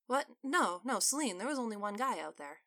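Woman playing a laid-back male restaurant owner, casual, brisk, bright tone. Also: on the high side, big pitch swings. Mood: puzzled.

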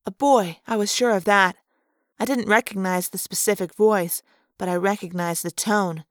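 A woman's voice: medium pitch, normal speed, dry recording, clean studio sound. A woman narrating a story aloud in first person, expressively acting out the action.

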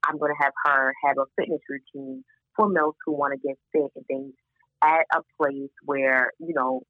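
A woman's voice: rumbling low, normal speed, no echo. Baltimore-accented woman guest, emphatic chat, a bit lo-fi and dry. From Baltimore, USA. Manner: animated, emphatic, laughs often. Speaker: podcast guest, founder of a moms' community. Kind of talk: casual chat.

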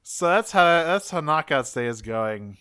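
Bright, crisp-voiced man co-hosting a podcast. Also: medium pitch, sing-song, unhurried. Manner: laughing recaps with put-on quotes. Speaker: podcast co-host. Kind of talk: casual chat.

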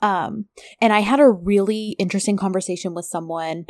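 A woman's voice: medium pitch, steady tone, a little fast, darkish tone, dry recording, clean studio sound. A woman co-hosting a podcast in casual chat, talking easily with many fillers. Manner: chatty, lots of fillers and "like". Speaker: podcast co-host.

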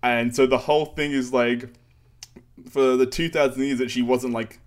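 A man's voice: medium pitch, steady tone, moderate pace. A man casually recapping a manga chapter on a podcast, rambling with fillers and sarcastic asides. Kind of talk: casual chat.

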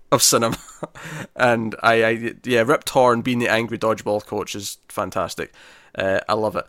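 A man's voice: mid-range voice, moderate pace, fairly bright tone, dry recording, clean studio sound. A man co-hosting a casual movie-ranking chat, talking enthusiastically, laughing often and restarting his sentences. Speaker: podcast co-host ranking movies.

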